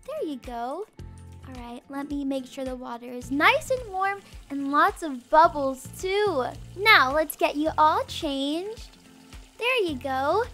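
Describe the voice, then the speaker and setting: A young woman with a very high, bright voice runs a playful game roleplay as a mom. She talks slowly, slipping from cooing baby talk into chatty commentary. Her tone stays lively and animated throughout.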